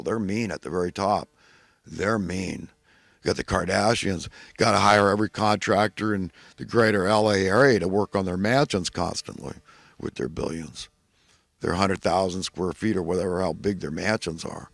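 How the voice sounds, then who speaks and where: A man's voice: low-pitched, vocal fry, no room sound. A man delivering a rambling, indignant monologue that turns preachy as he goes. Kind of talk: ranting monologue.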